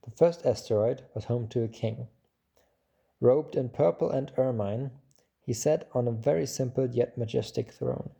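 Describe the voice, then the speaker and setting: A man narrating a storybook in a calm, measured way. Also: medium pitch, vocal fry, breathy edge. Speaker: audiobook narrator.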